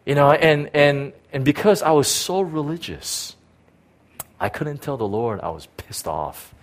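A middle-aged man, a pastor, giving a personal testimony in a sermon. He talks haltingly, repeating words and filling with "you know.". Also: fairly high pitch, lively intonation.

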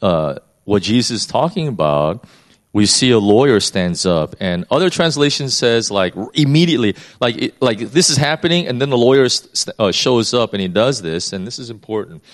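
A man's voice: medium pitch, animated, moderate pace. A man preaching in a conversational Bible-teaching style, often repeating words as he thinks.

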